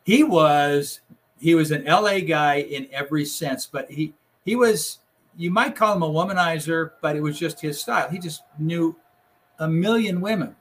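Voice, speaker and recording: A man's voice: on the high side, normal speed, slightly rough. An older man, a retired reporter, telling rambling newsroom anecdotes in a casual conversation, acting out the quotes.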